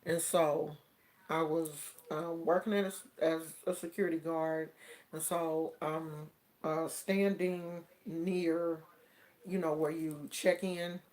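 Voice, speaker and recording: A woman's voice: low-pitched, darkish tone. A woman from the United States telling a personal story on her vlog in a casual, colloquial way. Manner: slow, drawn-out and colloquial, with many fillers.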